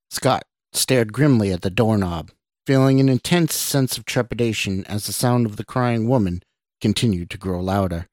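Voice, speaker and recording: A man, the podcast host, reading a horror story he wrote, in a measured, deliberate narration. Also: lowish voice, no room sound, clean studio sound.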